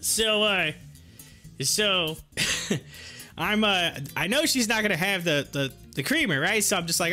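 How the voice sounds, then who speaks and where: A livestream host tells a rambling, laugh-filled story in a high, bright voice. He grows animated at the funny parts, with faint music under him. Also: measured pace, pauses often. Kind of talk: casual storytelling.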